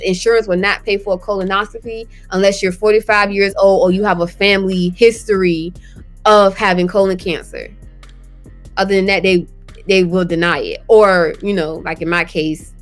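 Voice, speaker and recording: A woman guest in an interview, speaking candidly and conversationally about her own experience, often voicing her past thoughts aloud. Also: fairly low pitch. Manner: earnest, conversational, drops into quoted thoughts. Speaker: guest, cancer survivor. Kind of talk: candid personal storytelling.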